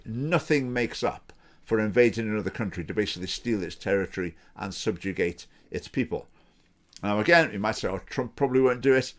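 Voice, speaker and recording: Scottish man, mid-pitched voice, earnest, measured, repeats points for emphasis, political commentary. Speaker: political party spokesman. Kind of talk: opinion commentary to camera.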